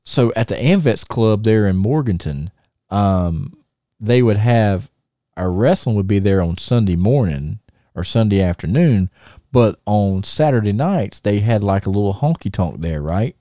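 Man, podcast host, casual storytelling, animated, laughs while acting out quotes, mellow voice, dry sound. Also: fairly low pitch, measured pace, dry recording.

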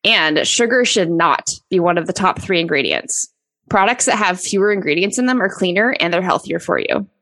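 A woman's voice: lowish voice, animated, moderate pace, a bit bright. A woman in her thirties co-hosting a podcast, upbeat and organized in her chat. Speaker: podcast co-host.

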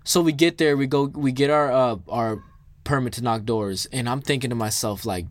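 Young guy from minnesota telling a story, lots of "like", swears, mid pitch, dry close mic. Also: moderate pace, no room sound. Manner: animated, swears freely, many fillers. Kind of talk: casual storytelling.

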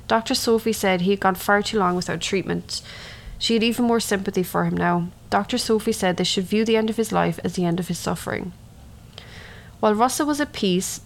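A woman's voice: mid-range voice, creaky. A woman recounting a true story in a matter-of-fact way, adding her own opinions between events. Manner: matter-of-fact retelling with personal asides.

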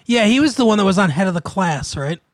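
High-voiced man in casual chat. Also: expressive, fast talker, no echo. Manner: laid-back, swears and laughs often.

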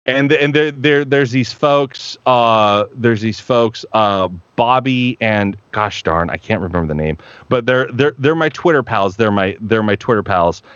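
A man's voice: medium pitch, a little slow, hardly any pauses, fairly bright tone, clear, resonant tone, dry recording, muffled recording. A male voice actor chatting on a live stream, rambling and profane with many restarts. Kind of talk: casual live-stream chat.

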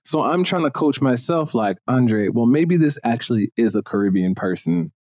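A mid-range male voice from Jamaica hosts a laid-back podcast chat at a moderate pace, recorded in studio quality with no room sound. He is lively and opinionated and leans on plenty of fillers.

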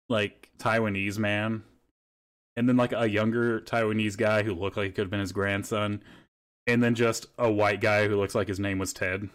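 A young man hosting a podcast, telling rambling stories in casual chat and swearing freely. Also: mid-range voice. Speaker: podcast host.

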